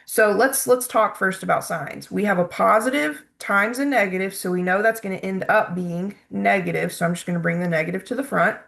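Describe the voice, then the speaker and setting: A woman's voice: medium pitch, a little fast, vocal fry, few pauses, a bit bright. A woman math instructor patiently talking through problems step by step, checking in with "okay?" as she goes. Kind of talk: recorded math lecture.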